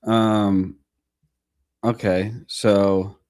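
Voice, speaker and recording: A man's voice: fairly low pitch, flat delivery, extremely slow, a little mellow, clean tone, no echo, clean studio sound. A man co-hosting a sports podcast in casual chat, blunt and enthusiastic, swearing casually. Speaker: podcast co-host.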